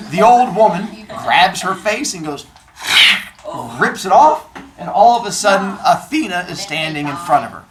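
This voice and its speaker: An animated male teacher spins a myth for his students in a classroom, cracking jokes and acting out bits of the story. His pitch swings widely and expressively throughout. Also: moderate pace, a crowd in the background. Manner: animated, jokey, acts out voices.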